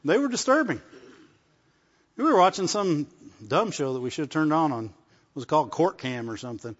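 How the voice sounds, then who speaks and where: A man preaching to his congregation in a relaxed, conversational way, pausing to ask for an "amen". His voice sits a touch high for a man. The recording sounds muffled and carries a long reverb from a large hall. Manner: conversational preaching with call-and-response asides. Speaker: pastor. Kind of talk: sermon. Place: church service.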